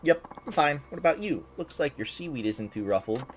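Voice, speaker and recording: Woman voicing a sardonic young guy, low, dry jokes, lively delivery. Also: a little fast, noisy background. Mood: wry. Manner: dry, joking. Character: wry young male bodyguard, easygoing and sardonic.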